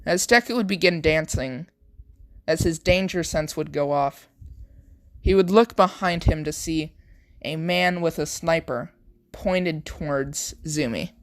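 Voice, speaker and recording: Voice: medium pitch, fairly bright tone, no room sound. A narrator improvising a fan-fiction action story, often stopping to restart and correct words. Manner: halting, with frequent restarts and self-corrections; strings events together with repeated "would" and "as".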